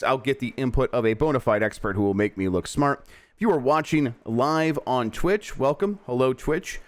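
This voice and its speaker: A man's voice: medium pitch, clean tone. A man hosting a casual morning gaming news show, joking around with frequent "uh"s and laughs. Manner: animated, jokey, frequent "uh" and laughs. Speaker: host.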